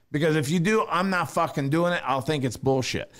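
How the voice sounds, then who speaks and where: Profane, animated man telling a story. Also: on the high side, a little fast, few pauses, smooth. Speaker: podcast co-host. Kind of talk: casual chat, storytelling.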